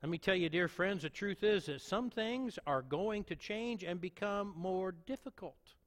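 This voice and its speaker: A man with a notably high voice preaches a sermon as a pastor, earnest and emphatic, circling back to repeat his key points. His words ring out with a long reverb, like a big sanctuary. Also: lively intonation, a little slow, a bit bright.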